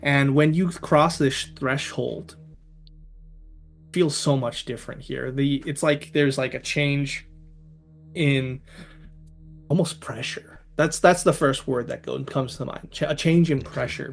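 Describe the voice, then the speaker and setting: A man narrating a tabletop horror game as game master, setting scenes slowly and dramatically. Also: medium pitch, creaky, soft background music.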